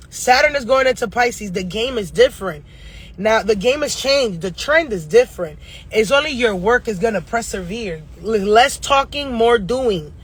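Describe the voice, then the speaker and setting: A woman giving a casual astrology reading who talks bluntly and profanely, going off on fast-ranting tangents. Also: a little high, expressive, breathy edge. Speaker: astrologer and tarot reader.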